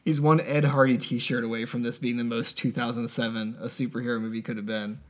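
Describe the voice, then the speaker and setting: A man's voice: medium pitch, fairly quick. Sleepy guy cohosting a podcast, rambly, says like a lot. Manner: lively, rambling, lots of fillers. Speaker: podcast co-host. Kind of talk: casual chat.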